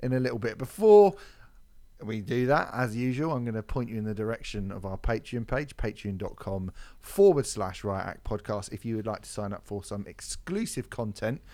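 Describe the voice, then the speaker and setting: Lively male podcast co-host, casual and jokey. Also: lowish voice, normal speed. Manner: animated, jokey, laughs often. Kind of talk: casual chat.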